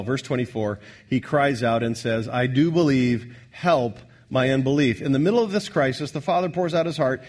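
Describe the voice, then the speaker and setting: Earnest preaching man, higher voice. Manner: earnest preaching, repeats key lines, swings from loud to soft. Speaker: pastor. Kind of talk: sermon.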